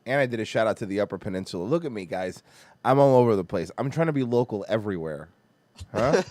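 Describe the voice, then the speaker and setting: A man from Florida hosting a podcast, ranting loudly and mockingly with constant swearing. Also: lowish voice, animated, fast talker, dry recording. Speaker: podcast host. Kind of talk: profane comedic rant.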